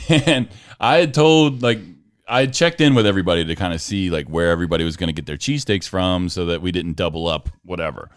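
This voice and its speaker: A man co-hosting a podcast in casual chat, animated and laughing often, his voice jumping high when joking. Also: brisk. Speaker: podcast co-host.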